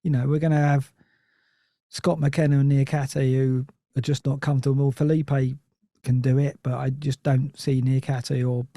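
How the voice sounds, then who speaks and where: A man's voice: mid-range voice, little pitch movement, normal speed, mellow, no echo, studio quality. A man chatting on a football podcast, rambling and restarting his sentences often. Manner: rambling, self-interrupting, many restarts. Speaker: Nottingham Forest fan guest. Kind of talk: casual podcast chat.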